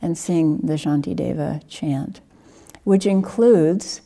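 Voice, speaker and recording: A woman, a Buddhist teacher, giving a dharma talk in a gentle, measured and earnest way. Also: on the low side, fairly even intonation.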